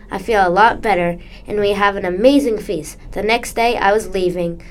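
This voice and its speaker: A woman's voice: mid-range voice, normal speed, hardly any pauses. A young girl reading aloud her own children's story in an earnest, careful way.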